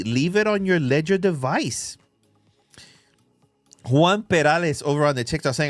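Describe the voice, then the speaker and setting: A crypto livestream host broadcasts casually from his phone, his voice a little high for a man. Excitable and freely swearing, he rattles off quick shout-outs to viewers. The audio is dry and close, with faint music in the background.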